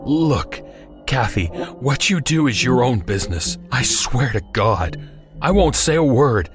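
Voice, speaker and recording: A man's voice: mid-range voice, lively intonation, a little slow, over music, voice pushed up, close to an everyday voice. A scared, pleading captive man, read by a male narrator for a horror audio story. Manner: pleading, panicky.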